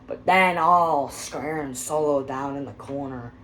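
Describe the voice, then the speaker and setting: A woman casually recapping a wrestling episode, rambling and excitable, with quiet muttered asides. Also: extremely low pitch, a little slow, slight background noise, rough recording.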